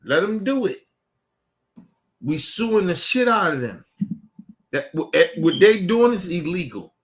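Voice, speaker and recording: A man hosting his own online show delivers a blunt, profanity-heavy rant, talking straight to his viewers. His voice sits a little higher than most men's, and he hammers his points by repeating them insistently. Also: sing-song, a little slow. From Baltimore. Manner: emphatic, blunt, cursing, repeats himself; addresses viewers directly, urging them.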